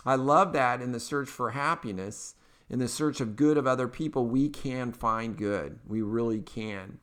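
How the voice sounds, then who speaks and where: With a medium-pitched, fairly bright voice at a moderate pace, this man from Eastern Kentucky runs his own podcast of casual political commentary. He has a Kentucky accent and keeps things chatty, folksy, and upbeat, leaning on plenty of fillers.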